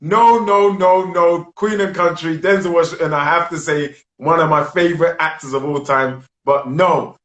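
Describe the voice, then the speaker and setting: A man hosts a casual live chat over a video call, talking in an exuberant, repetitive way. His voice sits a little high for a man. The sound bounces around an echoey room. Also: steady tone, moderate pace, hardly any pauses, fairly bright tone. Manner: exuberant, repeats himself. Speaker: host.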